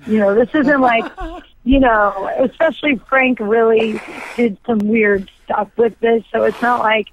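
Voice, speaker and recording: A woman in her thirties, a guest actress, telling stories in a quick, chatty way full of fillers. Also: fairly high pitch, steady tone. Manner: chatty, fast, filler-heavy storytelling with frequent likes. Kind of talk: casual interview chat. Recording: dry tinny phone line.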